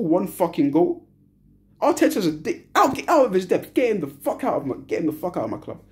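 A woman's voice: on the low side, big pitch swings, fairly quick, darkish tone. A young woman giving a furious, profane post-match reaction as a football fan, repeating short phrases over and over. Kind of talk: angry post-match rant.

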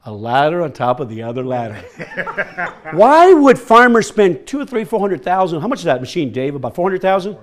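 Lively man presenting to an audience. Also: sits high, normal speed. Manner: energetic, quizzes the audience. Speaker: workshop presenter. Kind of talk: lively workshop talk. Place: workshop room with an audience.

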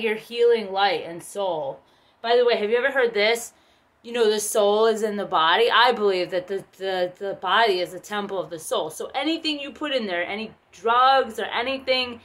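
Bright, chatty, profane woman tarot reader. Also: medium pitch. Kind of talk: casual tarot reading vlog.

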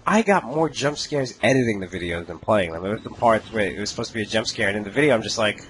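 A man's voice: lowish voice, lively intonation, quick pace, few pauses, a bit bright, slight background noise, poor audio. A man giving casual gaming commentary, joking, laughing and cursing often. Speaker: let's play host.

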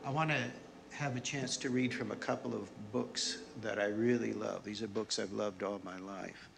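Gravelly man giving a quiet sermon. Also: on the low side, slight background noise. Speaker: lay speaker. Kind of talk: sermon with readings.

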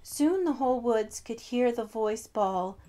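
A woman reads a children's storybook aloud in a slow, sing-song storyteller's voice. Her pitch sits a little high and moves lively up and down. She lingers on every word. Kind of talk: reading a children's picture book aloud.

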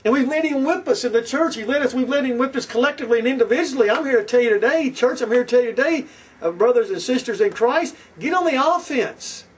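High-voiced fiery man preaching a sermon. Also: animated, quick pace, husky. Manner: preachy, repetitive, fiery and confrontational. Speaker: pastor. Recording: distant from the mic.

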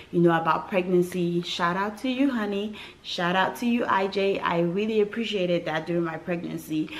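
Woman from west africa chatting to camera about her birth, lively and dramatic, keeps checking in with viewers. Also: fairly low pitch, low-quality recording. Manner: animated, dramatic retelling with acted quotes and asides to viewers. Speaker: vlogger telling her birth story. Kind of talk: casual storytelling to camera.

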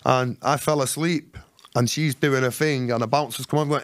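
A man's voice: mid-range voice, moderate pace. A man, a podcast guest telling his own story in casual street slang and acting out the voices of others. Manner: animated, acts out the voices of others. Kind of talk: storytelling interview.

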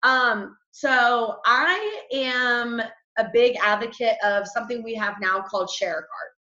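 A woman's voice: on the high side, measured pace, bright, forceful tone. Peppy young woman coaching her team, echoey. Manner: peppy and chatty, full of "like" and "y'all". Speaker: team coach leading a group call. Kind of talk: motivational team call. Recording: echoey room, dull lo-fi sound.

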